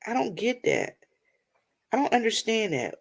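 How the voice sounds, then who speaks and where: Gravelly woman chatting to viewers. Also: on the high side, sing-song, moderate pace. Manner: chatty, rambling, addresses viewers as y'all. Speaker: vlogger. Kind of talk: casual storytelling vent to viewers.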